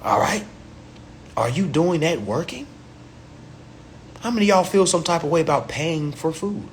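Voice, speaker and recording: A man's voice: fairly high pitch, animated, moderate pace, slight background noise. A man hosting a casual livestream rant, talking in loose, profane street slang and acting out little back-and-forth dialogues into his phone. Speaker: host of a livestream.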